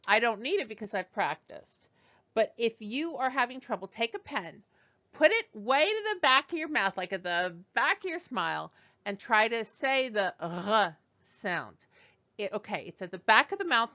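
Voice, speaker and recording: A woman leads a beginner French lesson at a slow, unhurried pace. Her pitch rises and falls in a lively way as she models each sound and repeats it patiently. The audio is dull and a little lo-fi. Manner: slow, patient, demonstrative pronunciation drills. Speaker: French teacher.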